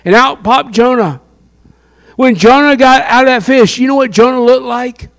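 A man's voice: very high voice, normal speed, fairly bright tone. A man preaching a sermon, impassioned and quizzing his listeners with questions. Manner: impassioned, asks the crowd questions.

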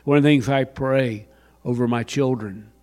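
An older man preaching a sermon, dropping to a hush and then rising to a shout. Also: medium pitch, steady tone, moderate pace. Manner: dramatic swings from hushed to shouting. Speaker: pastor. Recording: long hall reverb.

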